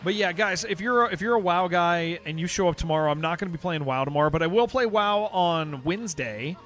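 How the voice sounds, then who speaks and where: A man's voice: sits high, brisk, fairly bright tone, soft background music. Californian man streaming, rambling casual chat. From San Diego, California. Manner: rambling, restarts sentences, says dude a lot. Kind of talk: casual live-stream chat while gaming.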